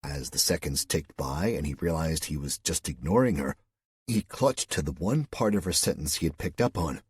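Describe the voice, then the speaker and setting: A man reads an audiobook in a steady, measured way. His voice is very low with a husky grain. The recording is close and dry, without room sound. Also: dry recording. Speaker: audiobook narrator. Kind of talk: scripted narration.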